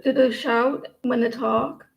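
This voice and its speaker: Gravelly British woman chatting to viewers. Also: a little high, fairly even intonation, slow, muffled recording. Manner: chatty, rambling, many fillers and restarts. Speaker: tarot livestream host. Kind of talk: casual livestream chat with viewers.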